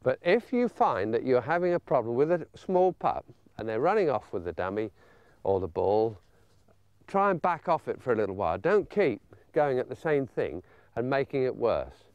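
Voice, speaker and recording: An older English man with a genial, chatty manner, explaining dog training and coaxing a pup in a high sing-song. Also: very animated, normal speed, clear, resonant tone, no room sound, muffled recording. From England. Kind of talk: outdoor training demonstration.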